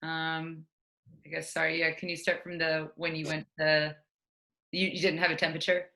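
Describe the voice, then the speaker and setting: Woman host, very low pitch, gravelly, bright tone, apologetic. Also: flat delivery, normal speed. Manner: apologetic, interrupting to ask for a retake. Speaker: podcast host. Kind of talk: casual interview.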